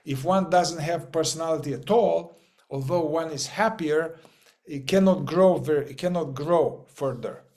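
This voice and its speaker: A man with a slightly raised pitch talks through a spiritual teaching to a group. His delivery is loose and informal, full of restarts and repeated words. He swears offhandedly and acts out little inner voices. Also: normal speed, a little mellow.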